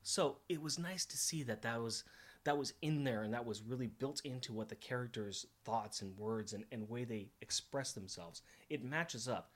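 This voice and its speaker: A man's voice: mid-range voice, moderate pace. A middle-aged man co-hosting a casual comic book podcast, enthusiastic and jokey, laughing often. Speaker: podcast co-host.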